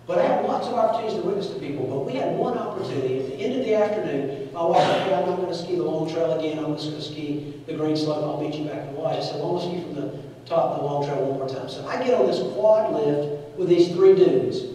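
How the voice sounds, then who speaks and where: A man's voice: on the high side, fast talker. A man in his forties preaching a sermon and telling a story, acting out the voices of the people in it. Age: 40s. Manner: animated, acts out voices in his stories. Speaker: pastor. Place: church sanctuary. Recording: echoey church hall, mic at a distance.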